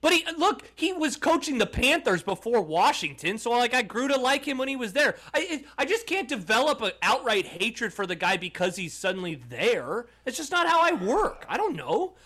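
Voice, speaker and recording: A man's voice: extremely high pitch, sing-song, moderate pace, hardly any pauses, pushed and bright. A man co-hosting a casual sports podcast, answering with easygoing, wry, dry humor. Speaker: podcast co-host.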